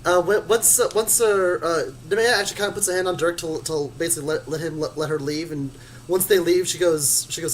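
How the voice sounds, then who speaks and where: A player in an online tabletop game, describing their character's actions haltingly, with many restarts. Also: mid-range voice, steady tone, a little hiss or hum, rough recording. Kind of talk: casual tabletop role-play.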